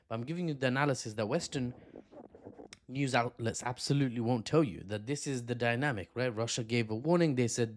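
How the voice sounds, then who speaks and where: A man hosting opinionated geopolitical commentary, talking with animated, self-mocking asides. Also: mid-range voice, brisk. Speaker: host.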